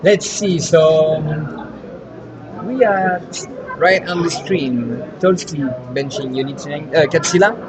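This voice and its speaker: Co-hosting a live event stream, a man with a French accent runs a giveaway in a chatty, teasing way. His voice is fairly high and slow, the audio is poor, and crowd noise can be heard behind him.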